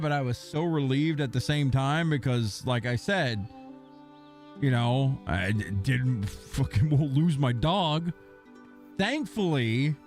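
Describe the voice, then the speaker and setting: A young man streaming a game, casually telling rambling, profane stories about his dog. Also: mid-range voice. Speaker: gaming streamer. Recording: faint music behind.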